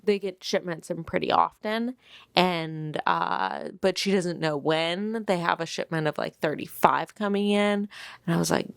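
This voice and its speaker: A woman's voice: on the low side, measured pace, gravelly, no echo. A young woman vlogging at home, telling a chatty story about getting a book and acting out the people in it. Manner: animated, acts out quotes, gushing. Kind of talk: casual chatty storytelling vlog. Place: home, indoors. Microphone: clip-on mic on her shirt.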